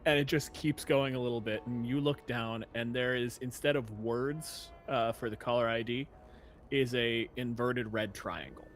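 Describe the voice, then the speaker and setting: A man's voice: mid-range voice, fairly even intonation, moderate pace. A man narrating a tabletop game as game master in a casual, filler-heavy way.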